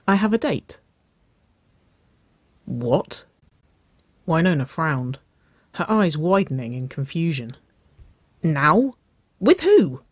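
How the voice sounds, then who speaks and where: A narrator reading a story aloud in a slow, measured way. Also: mid-range voice, no room sound.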